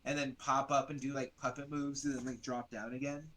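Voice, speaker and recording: A man runs a tabletop game in a loose, meandering way, piling up fillers as he describes each scene. His pitch sits right in the middle, neither low nor high. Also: flat delivery, a little fast, a bit bright. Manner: rambling, loose, full of fillers. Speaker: game master.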